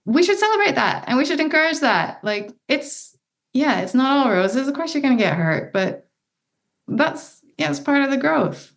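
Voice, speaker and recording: A woman's voice: high-pitched, sing-song, normal speed, creaky. A woman in her thirties, a podcast guest, talking with passion and emphasis and encouraging her listeners. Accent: non-American. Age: 30s. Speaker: guest adventure athlete. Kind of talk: candid interview conversation.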